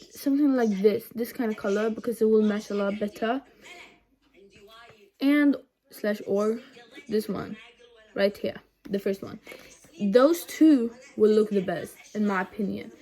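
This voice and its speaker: A young woman vlogging a casual makeup tutorial at home, rambling and chatty with lots of ums and side remarks, recorded on a phone camera set low. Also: a little slow, pauses often, dark tone.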